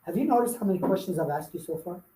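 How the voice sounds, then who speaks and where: A man's voice: sits high, expressive, rapid-fire, warm tone, a little hiss or hum. Emphatic male sales trainer in an echoey room. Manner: emphatic, playful, repeats key points. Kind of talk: live workshop teaching. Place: meeting room with audience.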